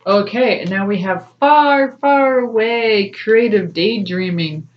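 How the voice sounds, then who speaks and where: A woman's voice: medium pitch, slow pace. A woman tarot reader talking in a casual, rambling way, laughing often between phrases. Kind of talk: casual spiritual reading to camera. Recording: slightly dull lo-fi sound.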